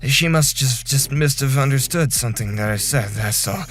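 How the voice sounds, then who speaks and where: A man's voice: medium pitch, moderate pace, a bit bright, natural voice. A man voicing a feverish, exhausted young office worker who pleads in a strained, desperate way. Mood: weak, apologetic. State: sick and worn out.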